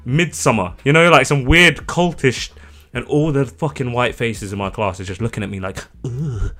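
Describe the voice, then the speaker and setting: Co-hosting a podcast, a young man tells a story in casual, animated chat, swearing a lot in a medium-pitched voice at normal speed.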